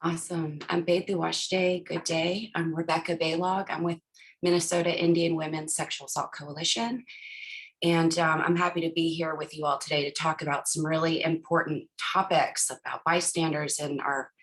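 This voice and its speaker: A woman's voice: sits low, fairly even intonation, moderate pace. Upbeat woman moderating a video panel. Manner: upbeat, introduces others. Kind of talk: casual panel conversation on a video call. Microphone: video call.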